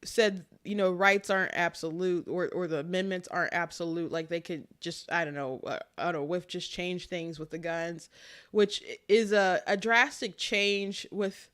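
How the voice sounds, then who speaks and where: A woman's voice: on the low side, fairly bright tone, clean tone. Chatty woman hosting political talk. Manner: chatty, laughs often, quick asides. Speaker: political commentary host. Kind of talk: casual political commentary.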